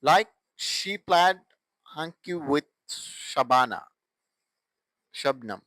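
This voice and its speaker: A man teaching English grammar in a halting way, with restarts and broken phrasing. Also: a little high, expressive, bright, forceful tone, no echo, poor audio. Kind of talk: classroom grammar explanation.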